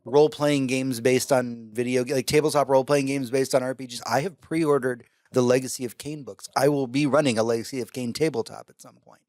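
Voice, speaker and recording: A man co-hosting a podcast in casual chat, excitable and swearing, talking in bursts into a close mic. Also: medium pitch, fairly quick, dry recording. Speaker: podcast co-host.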